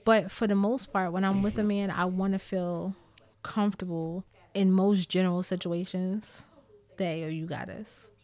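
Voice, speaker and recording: Speaking to viewers at a moderate pace, this New York-accented vlogger tells a candid story, emphatic and blunt with lots of cursing. Her mid-range voice is steady and somewhat dark.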